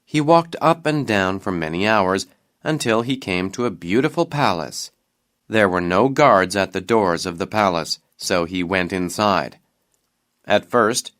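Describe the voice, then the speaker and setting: A man reads a graded-reader storybook aloud, slowly and clearly. His voice sits on the low side. The delivery is plain scripted narration. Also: a bit bright.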